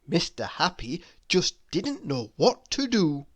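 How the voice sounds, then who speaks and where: A woman's voice: lowish voice, big pitch swings, slow pace, few pauses, breathy edge. A woman reading a children's story aloud, with playful, teasing asides to the listener.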